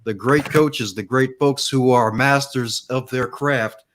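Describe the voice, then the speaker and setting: A man's voice: mid-range voice, fairly even intonation, slow pace, noisy background. A man on a podcast, talking in a casual, motivational way about how he grew as a speaker. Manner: enthusiastic, motivational. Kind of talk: casual storytelling.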